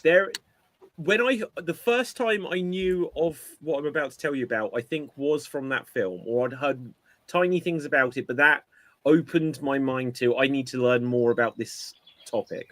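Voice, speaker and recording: A man's voice: medium pitch, moderate pace, a bit bright. A man hosting a casual podcast chat, telling things in an emphatic, storytelling way. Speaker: podcast host.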